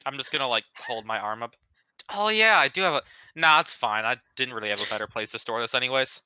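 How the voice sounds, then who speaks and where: Man, tabletop player, deadpan jokes, bright voice, dull dry mic. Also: medium pitch, fast talker, smooth, no echo. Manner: deadpan joking. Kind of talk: tabletop game banter.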